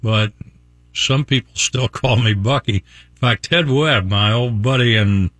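A man's voice: medium pitch, a little slow, a bit bright, dry recording. An older man from Virginia hosting a morning radio show, telling a rambling story and chuckling often. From Virginia, USA. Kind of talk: chatty on-air storytelling. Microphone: studio mic.

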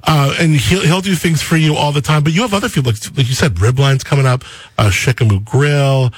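A man's voice: a little high, a little fast, slightly rough, no echo. A man hosting a radio morning show from the studio, chatting with a guest in an upbeat, enthusiastic way, slipping into sing-song promo lines. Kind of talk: casual radio interview chat. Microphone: studio microphone.

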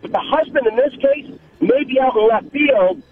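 A man calling in to a radio show, calmly arguing his point. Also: extremely high pitch, normal speed. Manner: reasoned, argumentative. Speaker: caller. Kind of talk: call-in radio talk. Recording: noisy phone line.

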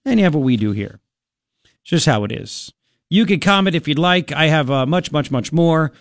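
A man's voice: on the high side, animated, moderate pace, gravelly. A man hosting a talk radio show, ranting in a sarcastic, mocking and exasperated way. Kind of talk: opinionated talk radio monologue. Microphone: studio microphone.

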